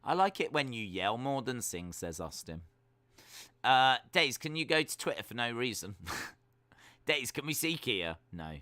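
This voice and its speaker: Brief: male streamer, young, teasing and self-mocking, animated pitch. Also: dry recording. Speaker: live-stream host reading chat. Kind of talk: casual watch-along chat.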